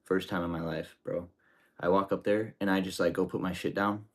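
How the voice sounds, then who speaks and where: A man's voice: deep voice, fairly even intonation, brisk. A man streaming as he cooks, telling rambling stories in casual, profane slang. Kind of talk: casual storytelling while cooking.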